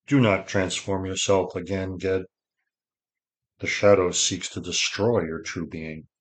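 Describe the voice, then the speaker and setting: In an audiobook, a male narrator voices an old mage who offers slow, measured counsel. The delivery is gentle and solemn, low-pitched and steady, with a grave mood.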